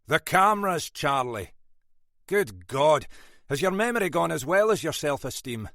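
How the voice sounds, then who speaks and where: A man doing a gruff Scottish detective. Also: fairly high pitch, sing-song, moderate pace, a bit bright, no room sound, pitched above the performer's own voice. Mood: stern. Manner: brusque, scolding, dry wit. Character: gruff older Scottish male detective inspector. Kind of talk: audiobook character voice.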